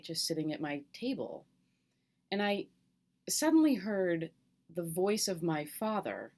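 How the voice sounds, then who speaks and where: A middle-aged woman with a slightly low voice speaks to her students in a recorded video message. She talks gently and candidly, pausing on fillers, and keeps coming back to reassurance. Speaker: college teacher. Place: home, at kitchen table.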